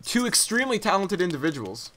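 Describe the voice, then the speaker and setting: A man's voice: sits high, sing-song, fast talker, pushed and bright, slight background noise. A young man hosting a casual podcast chat, telling a rambling story full of fillers. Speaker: podcast host.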